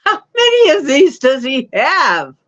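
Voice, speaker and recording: A woman hosting a casual livestream, drawling slowly in a voice pitched a little high. She mocks and scolds with open scorn and laughs often, and the stream audio sounds dull and lo-fi. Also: huge pitch swings, a bit bright. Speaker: livestream host.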